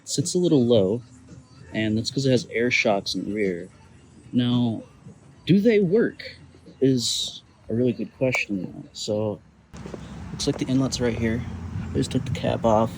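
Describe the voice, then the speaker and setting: In a casual garage vlog shot outdoors in his home garage and driveway, a car restoration vlogger with a Midwestern accent thinks aloud while working on his car, joking in a dry, self-mocking way. His mid-range voice is unhurried with lively intonation, and the rough recording carries slight background noise.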